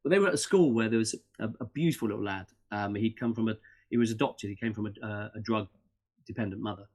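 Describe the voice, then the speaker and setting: A middle-aged man, a podcast guest in casual interview chat who talks in animated, rambling bursts with many restarts and fillers. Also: fairly low pitch, fast.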